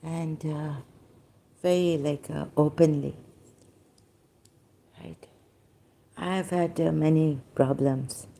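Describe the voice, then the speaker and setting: A woman, hoarse from losing her voice, talking haltingly with many pauses and fillers in a personal video monologue. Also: deep voice, fairly even intonation, dark tone.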